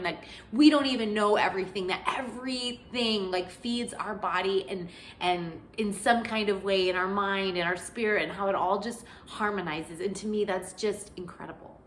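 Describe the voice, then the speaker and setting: A woman's voice: medium pitch, normal speed, hardly any pauses, fairly bright tone, slight background noise. A woman vlogger chatting earnestly about faith and cooking, rambling with many fillers. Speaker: lifestyle vlogger. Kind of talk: casual faith-based chat. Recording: echoey room.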